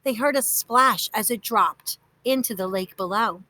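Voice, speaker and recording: A woman narrates a children's story in a lively, expressive way. Her voice is high and bright, recorded close and dry. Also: measured pace, no room sound.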